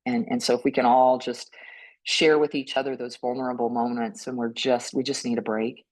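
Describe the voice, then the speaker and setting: A woman speaking on a panel about mental health, gentle and earnest, often tagging her points with a questioning "right?" and restarting her words. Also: a bass voice, steady tone, moderate pace, low-quality recording. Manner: frequent restarts and repeated words. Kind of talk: reflective panel talk.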